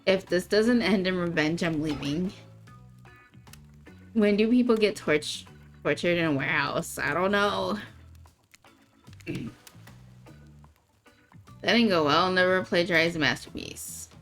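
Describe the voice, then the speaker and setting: A playful, dry-humored woman in a video game swaps stories and teases. Her voice sits low and relaxed, with soft music underneath. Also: measured pace, pauses often. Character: adult woman, playful storyteller, teasing.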